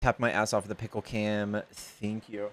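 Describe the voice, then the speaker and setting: A man's voice: on the low side, flat delivery, measured pace, fairly bright tone. A man hosting a live stream, loose and joking, swearing casually and reading donations aloud to his chat. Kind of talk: casual livestream chat and debate.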